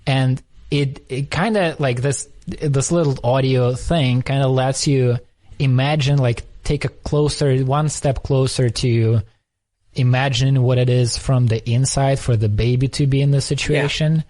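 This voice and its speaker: A man's voice: mid-range voice, steady tone, measured pace, darkish tone. A man in casual conversation, telling a story thoughtfully, often restarting as he searches for words. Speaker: podcast conversation partner.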